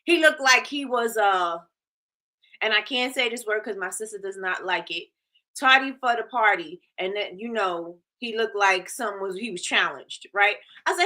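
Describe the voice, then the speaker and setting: Bright-voiced opinionated woman host. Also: medium pitch, normal speed. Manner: animated, opinionated, says "trash" again and again. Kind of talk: casual chat to a live audience.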